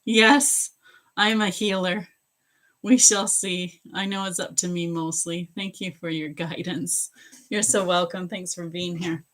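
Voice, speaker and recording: A woman's voice: on the low side, fairly even intonation, unhurried, a bit bright. A woman doing a live psychic reading, chatting casually with viewers, greeting them by name and restarting her sentences often. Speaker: psychic reader on a livestream.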